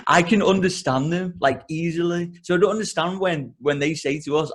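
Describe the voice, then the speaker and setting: Brief: young English male co-host, easygoing podcast banter, relaxed and jokey. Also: high voice, normal speed, husky. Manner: laid-back, laughs often, swears casually. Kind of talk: casual podcast chat.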